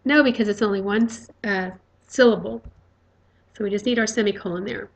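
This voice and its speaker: A woman's voice: medium pitch, fairly even intonation, fairly quick, vocal fry. A woman teaching a recorded grammar lecture, explaining step by step with frequent fillers.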